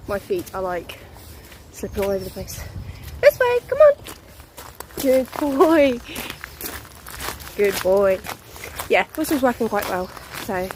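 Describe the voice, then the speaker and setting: A woman's voice: fairly high pitch, noisy background. A young woman chatting casually to her phone while walking her dog through a muddy forest, a little out of breath and laughing often. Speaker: vlogger.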